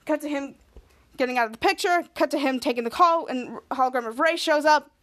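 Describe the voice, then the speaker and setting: A woman's voice: high-pitched, brisk, a bit bright. A woman podcast host recapping a TV episode in a rambling play-by-play with filler hums.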